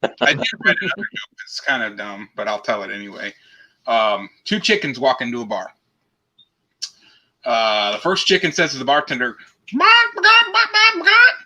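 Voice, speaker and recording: A man runs a casual live joke stream in a brassy, bright voice at an everyday pitch. He teases himself and tosses in mouth-made rimshots. The mood is easygoing banter. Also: big pitch swings, moderate pace, low-quality recording. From half Mexican heritage. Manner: goofy, self-mocking, adds rimshot sound effects.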